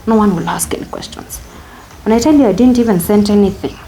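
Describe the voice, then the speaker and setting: A woman's voice: medium pitch, fast talker, warm tone, a little hiss or hum. A young woman with a Kenyan accent, telling her own story as an interview guest, candid and reflective, slipping Swahili phrases into her English.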